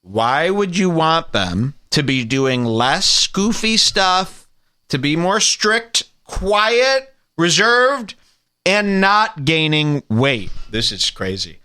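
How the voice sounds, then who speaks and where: A man's voice: a little high, very animated, slow, pushed and bright, clean tone. A man hosting a comedy podcast, ranting in a sarcastic, profane, mock-outraged way. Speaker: podcast host.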